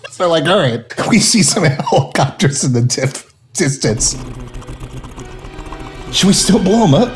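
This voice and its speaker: A drunk man rambling through a retelling of an action film, slow and loose with his words. His pitch swings wildly as he jumps into goofy voices and breaks into giggles. Faint music sits under him. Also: big pitch swings. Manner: loose, giggly, slurred, does quick silly voices for characters. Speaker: drunk narrator.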